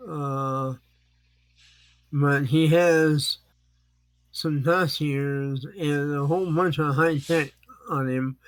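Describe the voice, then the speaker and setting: Slow, halting man playing a tabletop game. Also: a little high, no echo. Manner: hesitant, halting, lots of fillers. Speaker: player. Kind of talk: in-character tabletop role-play.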